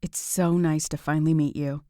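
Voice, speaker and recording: A woman voicing a poised, friendly young divorced woman in a romance audiobook, polite and soft-spoken. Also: low-pitched, level tone, moderate pace, no echo, clean studio sound, close to an everyday voice.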